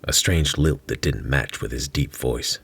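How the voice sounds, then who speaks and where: A man's voice: very deep voice, unhurried, gravelly, a bit bright, soft background music. A man reading his own fantasy short story aloud in a dry, wry narrating manner.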